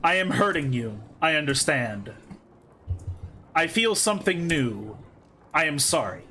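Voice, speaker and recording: A man voicing a vast, calm alien space god, curious and sorrowful, who speaks slowly and solemnly in a lowered voice. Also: slight background noise, full character voice. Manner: slow, solemn, low-pitched delivery.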